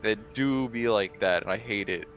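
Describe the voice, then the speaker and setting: A young man with a lowish voice, chatting casually and cursing in frustration. Faint game music plays behind him. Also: normal speed, fairly bright tone, dull audio. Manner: frustrated, swearing a lot. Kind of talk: casual chat while gaming.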